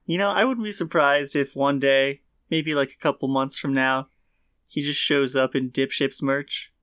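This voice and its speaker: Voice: medium pitch, steady tone, moderate pace, a bit bright, clear, resonant tone, no room sound, studio quality. A podcast co-host in casual chat, chiming in with wry, teasing remarks.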